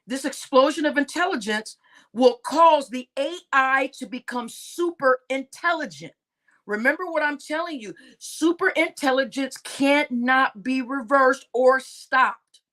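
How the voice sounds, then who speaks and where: A woman's voice: sits high, unhurried, a bit bright. A woman hosting a casual livestream monologue, emphatic, often repeating words and asking "right?". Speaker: host of a conspiracy talk stream.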